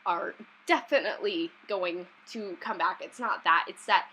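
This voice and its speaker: A woman's voice: on the low side, normal speed, pushed and bright, a little hiss or hum, rough recording. A young woman chatting casually as a vlogger, rambling with many fillers and restarts. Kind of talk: casual chat.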